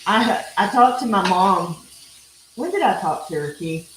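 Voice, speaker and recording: Hosting a live cooking stream while grilling, a middle-aged Texan woman chats in a folksy, unhurried way and drifts into rambling asides. Her voice sits at a medium pitch with lively intonation. The room is echoey, with a faint hiss underneath.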